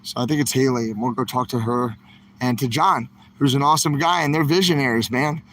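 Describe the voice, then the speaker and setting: A man's voice: medium pitch, fairly quick, fairly bright tone, a little hiss or hum, low-quality recording. A man hosting a casual outdoor livestream from a protest camp, talking straight to his viewers in an upbeat, rambling way. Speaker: livestream host. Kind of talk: casual walk-and-talk livestream.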